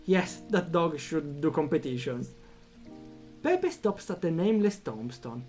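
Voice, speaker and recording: Male streamer, fairly high voice, reads the game aloud, chatty reactions. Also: a little slow, soft background music. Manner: animated, reacts out loud, thinks aloud with fillers. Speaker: streamer playing a story game. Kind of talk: reading a text game aloud with commentary.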